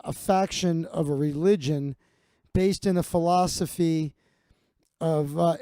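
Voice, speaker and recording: Figure: a man voicing a defiant man refusing to chant. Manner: stubborn, lecturing, halting. Tone: his usual dry, darkish voice, pitched a little higher. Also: mellow, clear, resonant tone, no room sound.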